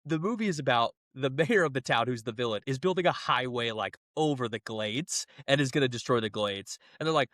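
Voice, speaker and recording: Young man, podcast co-host, casual chat, animated, laughing, lively pitch, dry close sound. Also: brisk, hardly any pauses, no echo.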